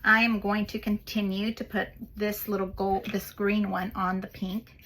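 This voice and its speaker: A woman's voice: medium pitch, flat delivery, normal speed, fairly bright tone. A woman hosting a paper craft video, chatting casually as she works and gushing over the little details.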